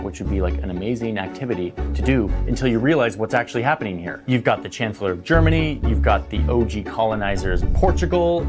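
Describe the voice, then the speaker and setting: Male history narrator, casual explainer, slangy, guitar music behind. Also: medium pitch. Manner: casual, slangy, uses "like" often.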